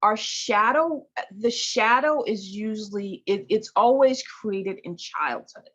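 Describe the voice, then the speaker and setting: Woman healer for a group-call talk, conversational and gentle in tone, keeps checking in with "right?", muffled lo-fi call sound. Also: medium pitch, expressive, takes it slowly, breathy edge. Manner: conversational, often tags "right?". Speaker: intuitive healer leading a discussion. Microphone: video call. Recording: dull lo-fi call audio.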